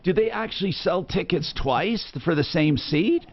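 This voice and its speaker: A man hosting call-in talk radio, pressing the caller with quick questions. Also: high-pitched, expressive, slight background noise. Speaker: talk show host. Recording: slightly dull lo-fi audio.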